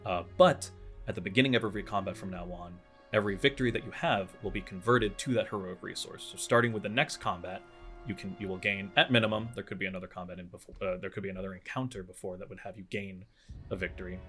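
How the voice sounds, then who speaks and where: A low-voiced man runs a tabletop game, explaining rules and narrating the scene. He stumbles over his words with frequent fillers and restarts. Faint music plays behind him. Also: quick pace, a bit bright. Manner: hesitant, many fillers and restarts. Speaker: game master.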